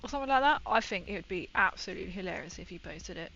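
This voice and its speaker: A woman's voice: lowish voice, animated, very fast, vocal fry, pushed and bright, dull audio. A young woman chatting casually and rambling through a story while she paints on a livestream.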